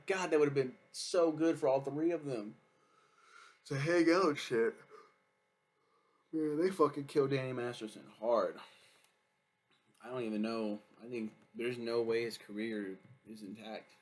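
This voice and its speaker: A man talks through a TV series in an unscripted review. He rambles and swears freely, piling up fillers as he goes. His voice sits at an ordinary middle pitch. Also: a little slow, pauses often, a little mellow. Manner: rambling, profane, lots of fillers. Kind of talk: casual review chat.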